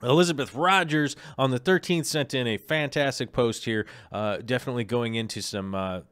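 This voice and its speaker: A man's voice: medium pitch, clean tone, no room sound. A man hosting a live aquarium show, chatting casually with lots of ums and restarts. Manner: rambling, many ums and restarts. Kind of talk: casual live-stream chat.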